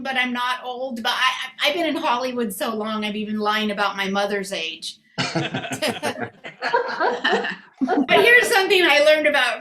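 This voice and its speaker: A woman's voice: high-pitched, pushed and bright. A middle-aged woman performing a chatty, self-mocking stand-up set, slipping into voices of family members. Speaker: stand-up comedian. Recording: echoey room with background noise.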